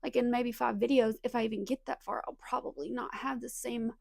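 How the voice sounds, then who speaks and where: A young woman with a light Southern US accent chats about books, a bit nervous, quick to ramble and to make fun of herself. Her voice sits a little high and has some vocal fry. It sounds close and dry, with no room around it. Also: fairly even intonation, darkish tone, dry recording. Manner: nervous, rambling, chatty with self-aware asides. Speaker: booktuber. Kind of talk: casual chat.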